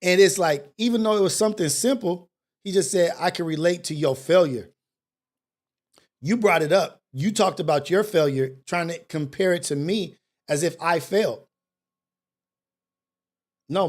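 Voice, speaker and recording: A man hosting a talk show, delivering a preachy monologue with street slang and repeated rhetorical questions. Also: a little high. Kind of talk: impassioned monologue.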